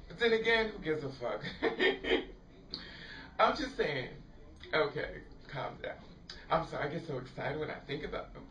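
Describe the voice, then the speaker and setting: A woman's voice: low-pitched, sing-song, moderate pace, fairly bright tone, slight background noise. A woman vlogger telling a story in casual chat to the camera, laughing often and swearing freely. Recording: roomy, distant, dull lo-fi sound.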